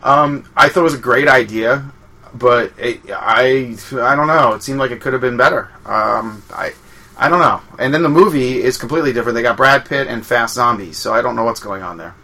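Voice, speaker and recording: A man hosting a casual chat, easygoing and quick to laugh. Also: medium pitch, bright, forceful tone.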